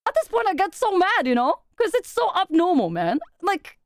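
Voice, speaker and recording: A young woman streaming to her viewers, chatting casually and animatedly, laughing often, swearing for effect, and dropping in quick Japanese phrases. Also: very high-pitched, wildly swooping pitch, no echo, clean studio sound.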